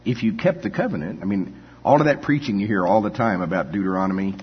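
An older man preaching a folksy, conversational sermon with frequent "you know" asides and chuckles. His voice is husky. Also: fairly low pitch, animated, fast talker. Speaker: pastor. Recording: dull echoey hall.

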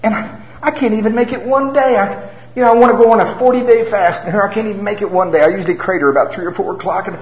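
A man's voice: high voice, voice pushed up, close to an everyday voice. A man doing a guilt-stricken anxious churchwoman. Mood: distressed. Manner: anxious, rushed confession. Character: distressed woman churchgoer, guilt-ridden and anxious. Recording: roomy, slightly dull sound.

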